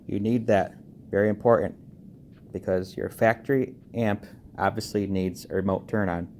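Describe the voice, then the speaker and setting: A lower-voiced man walks through a car audio wiring job in a casual tutorial voice-over. He talks quickly and keeps checking in with "okay" and "all right." A faint hiss sits under the recording. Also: fairly even intonation, darkish tone. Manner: talks fast, checks in with frequent okays. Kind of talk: casual screen-recorded how-to walkthrough.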